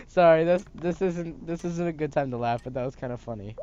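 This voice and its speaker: A man's voice: a little high, mellow, a little hiss or hum. A young man hosting a gaming video, making playful, joking asides while playing. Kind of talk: let's play commentary.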